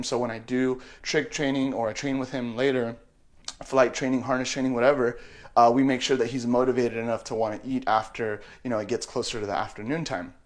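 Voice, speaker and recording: A man casually narrating his daily routine with his pet bird at home, and now and then talking to the bird in a high, sing-song voice. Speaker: bird owner vlogger. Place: at home in an apartment.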